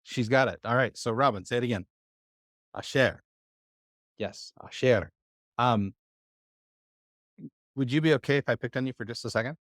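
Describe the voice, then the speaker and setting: A man's voice: mid-range voice, fairly quick, pauses often, fairly bright tone, dry recording, clean studio sound. A man teaching a live Hebrew lesson to a church class, patient and full of "uh" fillers as he quizzes his students.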